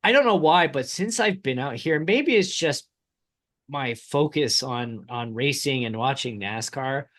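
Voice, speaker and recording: Lively Midwestern man chatting casually. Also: medium pitch, measured pace. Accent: Midwestern American. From Indiana. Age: 30s. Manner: animated, chatty, laughs often. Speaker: podcast co-host. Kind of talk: casual chat.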